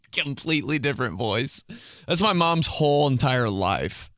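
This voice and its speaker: A man's voice: fairly high pitch, big pitch swings, slow, sharp tone, dry recording, studio quality. A young man hosting a casual comedy podcast, chatting animatedly, laughing often and slipping into mock voices. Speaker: podcast host.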